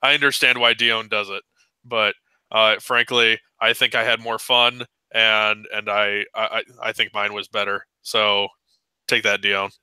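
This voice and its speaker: A man's voice: lowish voice, little pitch movement, measured pace, pushed and bright, clean tone, no room sound. A man co-hosting a casual podcast, joking and laughing with his friends. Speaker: podcast co-host. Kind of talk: casual chat.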